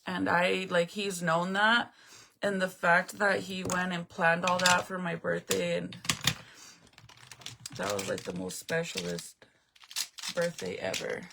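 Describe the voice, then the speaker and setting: A woman's voice: lowish voice, slow, vocal fry, pauses often, background noise. A woman in her thirties chatting casually on a livestream to her viewers, emotional and close to tears. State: tearful. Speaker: livestream host.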